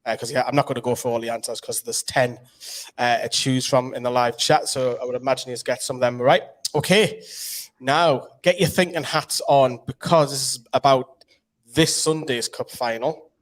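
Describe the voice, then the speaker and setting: A Geordie man runs a casual live quiz, explaining the rules at length in a chatty way. His voice sits at a middle pitch. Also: steady tone, moderate pace. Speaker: quiz host.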